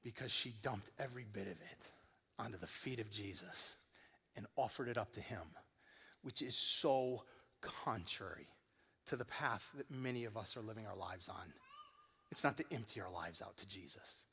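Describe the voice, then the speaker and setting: A man in his forties preaching a sermon as pastor, telling stories with lively acted-out voices and loud bursts. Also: on the low side, normal speed, vocal fry, breathy edge. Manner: animated storytelling, acting out voices in loud bursts. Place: large church auditorium. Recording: long hall reverb.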